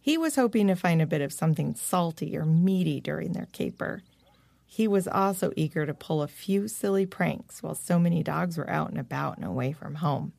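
Woman storyteller, low gravelly voice, gentle children's story reading, dry close recording. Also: fairly quick, no room sound. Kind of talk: children's bedtime story narration.

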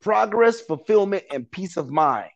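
High-voiced earnest man on lo-fi audio. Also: lively intonation, a little slow, creaky. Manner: earnest, repetitive, preacherly, laughs often. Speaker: guest. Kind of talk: motivational talk in an interview.

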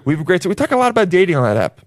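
A man's voice: sits high, very animated, very fast, no room sound, clean studio sound. A man in his twenties co-hosting a casual podcast, jokey and riffing, swearing freely. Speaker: podcast co-host. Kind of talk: casual chat.

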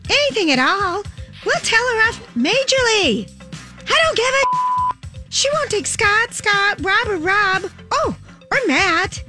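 A woman playing a manipulative, gossipy teenage girl, reading out notes in a fast, high, chirpy voice. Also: wildly swooping pitch, over music, exaggerated voice. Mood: scheming, gossipy. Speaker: actor reading old high school notes.

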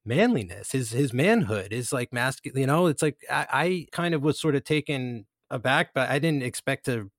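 A man's voice: mid-range voice, animated, moderate pace, few pauses, no room sound, studio quality. A young man co-hosting a podcast, chatting casually in a rambling way with lots of fillers and restarts. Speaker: podcast co-host. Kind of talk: casual chat.

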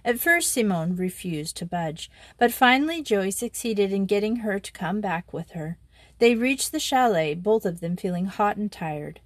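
A woman's voice: mid-range voice, animated, moderate pace, no room sound. Woman reading a storybook aloud, dry sound. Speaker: audiobook reader. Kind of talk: scripted storybook narration.

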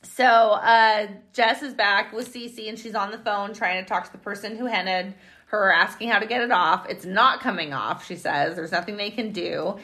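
Bright-voiced woman recapping a TV episode. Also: medium pitch. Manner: chatty, recounts scenes with quick acted quotes. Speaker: podcast co-host. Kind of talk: casual TV episode recap chat.

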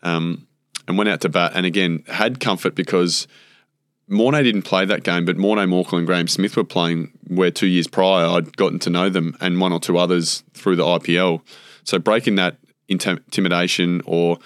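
An Australian former cricketer, a man with a low voice, chats as a guest in a casual storytelling interview, spinning rambling anecdotes packed with fillers and acting out quotes. His intonation stays fairly even and his pace moderate. The studio recording is clean with no echo.

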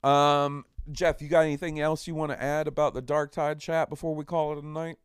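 A man's voice: a little high, brisk, smooth, dry recording, studio quality. A man hosting a casual gaming podcast, joking around and swearing freely. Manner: profane, joking, animated. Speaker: podcast host.

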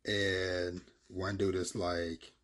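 A man's voice: sits low, flat delivery, extremely slow, a bit bright. A man casually retelling a comic's plot in a rambling, filler-heavy way.

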